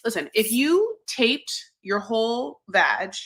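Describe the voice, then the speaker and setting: A woman's voice: fairly high pitch, very animated, slow, fairly bright tone. A woman co-hosting a casual recap podcast, rambling and bawdy with lots of fillers. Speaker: podcast co-host.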